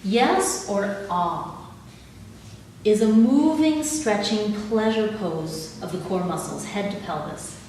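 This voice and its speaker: A woman's voice: medium pitch, takes it slowly. Woman guiding an audience in an echoey hall. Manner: calm, instructive, laughs easily. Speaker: speaker leading an audience exercise. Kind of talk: live talk with guided exercises. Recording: echoey hall, mic at a distance, audible background noise.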